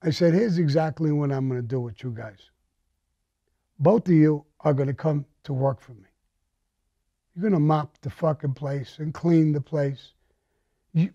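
A man's voice: a little high, mellow, dry recording, dull audio. A man bluntly recounting a violent crime story, swearing often and speaking with menace.

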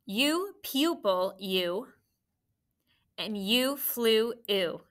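A woman's voice: fairly high pitch, expressive, a bit bright. A woman teacher leading a phonics sound drill for third graders, calling out letters and key words one by one. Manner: slow, clear call-and-response drilling. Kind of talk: classroom video lesson, phonics drill.

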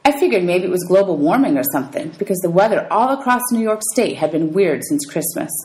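A woman's voice: expressive, fast, a little mellow, poor audio. Woman teacher reading a novel aloud. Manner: reads dialogue with raised pitch for characters, calls out page numbers.

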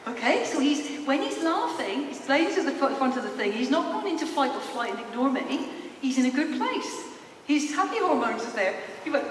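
A woman psychologist giving a lively, engaging talk in a large expo hall, asking the audience questions, heard from a distant mic with a roomy echo. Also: sits high, moderate pace. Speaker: psychologist and speaker. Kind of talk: public presentation. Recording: echoey hall, distant mic, faint noise.

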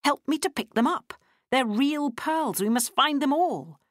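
A shrill, bad-tempered woman snaps and shouts orders, voiced by a woman reading an audiobook. Her voice climbs high and loud as she scolds, swinging widely between sharp peaks. The sound is close and dry, with no room around it. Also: big pitch swings, moderate pace, no room sound. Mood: impatient. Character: angry scolding adult woman, harsh temper. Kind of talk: audiobook character voice.

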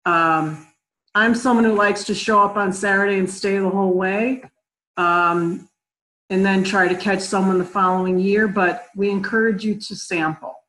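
A woman's voice: medium pitch, fairly even intonation, moderate pace, fairly bright tone, poor audio. A woman hosting a live online question-and-answer session over a video call, chatty and friendly, with some fillers. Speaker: host of an online conference preview. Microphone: computer mic on a video call.

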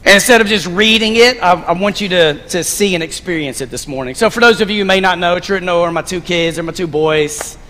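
A man preaching a sermon from a church stage, animated and playful as he directs volunteers through a scene. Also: high-pitched, fairly quick, few pauses. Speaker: pastor. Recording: long reverb of a large sanctuary.

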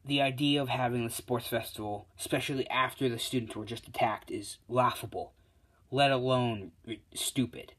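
A tired, dismissive male teacher hero, as a man reads him, flat and dry. The delivery stays close to plain, medium-pitched speech. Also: moderate pace, natural voice.

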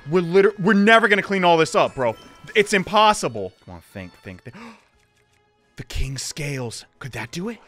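A young man giving loud, excitable, jokey commentary as a let's play host. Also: a little high, moderate pace, faint music behind.

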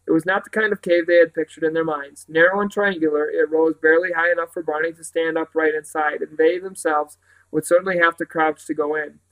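Man, fairly high voice, reading a storybook aloud, careful, occasional slips. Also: a bit bright, poor audio. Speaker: reader. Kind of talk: reading a children's novel aloud.

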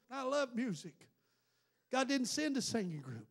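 A man's voice: very high voice, sing-song, unhurried. A man, a pastor delivering a fervent sermon in a church full of listeners, built on rhetorical questions. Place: church building before a congregation.

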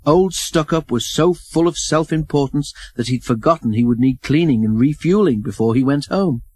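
A man narrating a children's storybook in an expressive, even reading. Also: fairly high pitch, normal speed, husky, dry recording, low-quality recording.

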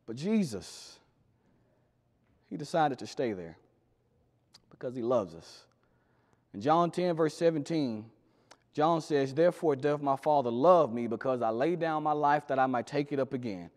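Preacher with big swings in a hall. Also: male voice, animated, unhurried, long pauses. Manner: swings between loud emphatic lines and quiet low drops. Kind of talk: sermon. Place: church sanctuary. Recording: long hall reverb.

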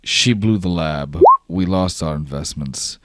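A man's voice: low voice, unhurried, no echo. A man voicing Delco, a ruthless boss who gives commands. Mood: commanding.

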